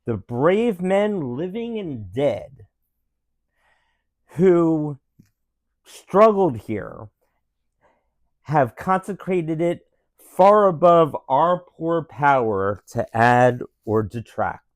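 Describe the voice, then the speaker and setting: A parent putting on the voice of a solemn 1860s statesman, reading a famous speech slowly and gravely with long pauses. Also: medium pitch, very animated, no room sound. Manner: slow, grave, with drawn-out pauses. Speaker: parent reading aloud to children.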